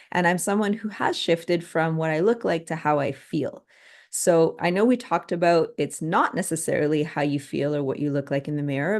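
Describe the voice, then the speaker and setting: A woman hosting a podcast interview, agreeing often and asking reflective follow-up questions. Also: fairly low pitch. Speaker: podcast host.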